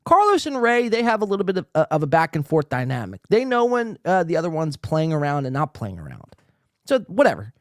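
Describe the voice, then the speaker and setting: Guy hosting a reaction podcast, swears constantly, pitch leaps all over the place, dry sound. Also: a little fast, no echo. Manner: profane, ranting, excitable. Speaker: podcast host. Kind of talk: casual reaction commentary.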